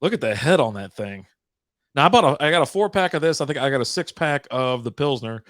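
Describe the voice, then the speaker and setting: A man from Kentucky co-hosting a casual beer livestream, relaxed and chatty. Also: mid-range voice, fast, no room sound, studio quality. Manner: relaxed, chatty, laughs easily. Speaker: co-host of a beer stream.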